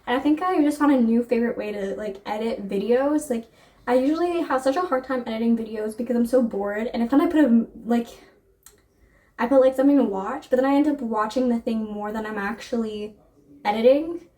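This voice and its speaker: A woman's voice: on the high side, brisk, dark tone, recorded from a distance. A young adult woman chatting casually about books, gushing and filling her talk with "like". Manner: gushing, filler-heavy "like" talk. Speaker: book vlogger. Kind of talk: casual chat to camera.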